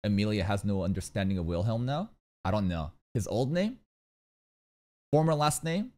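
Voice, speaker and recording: A man streaming an anime reaction, excitable and swearing freely, firing off exclamations and rhetorical questions. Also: lowish voice, normal speed, pauses often. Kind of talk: live reaction commentary.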